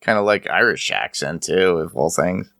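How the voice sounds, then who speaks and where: A man's voice: sits low, animated, normal speed, vocal fry, a bit bright, no room sound, studio quality. A man hosting a casual podcast chat, laughing often and handing the turns to his co-hosts. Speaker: podcast host.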